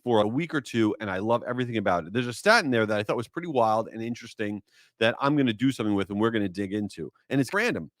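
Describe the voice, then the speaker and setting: Male solo podcaster, big swings in pitch, worked-up rants, close dry mic. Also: fast, dry recording. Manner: animated, exasperated storytelling. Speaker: podcast host.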